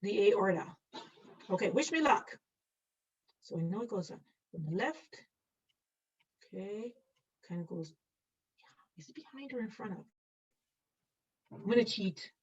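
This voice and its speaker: A woman's voice: mid-range voice, animated, measured pace, long pauses, breathy edge. Playful woman teaching over dull, distant audio. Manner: playful, self-mocking, quizzes students by name. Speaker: nursing instructor. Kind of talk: online lecture while drawing.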